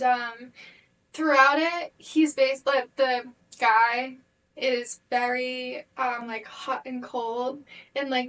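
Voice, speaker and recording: A young woman with a high, light voice talks through a casual podcast chat. She rambles freely and leans on fillers. She acts out little quotes as she goes. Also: low-quality recording. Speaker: podcast co-host.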